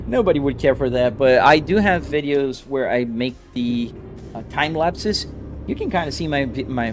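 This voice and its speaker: Lively-voiced man chatting on a live stream. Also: mid-range voice. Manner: relaxed, chatty, greets viewers by name. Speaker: live streamer playing a driving simulator. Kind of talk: casual live stream chat with viewers.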